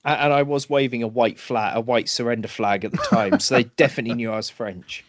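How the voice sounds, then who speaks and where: A man's voice: mid-range voice, fairly even intonation, quick pace, dry recording. A British man co-hosting a podcast, chatty and self-mocking as he recounts folklore. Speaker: podcast co-host. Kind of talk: casual chat, storytelling.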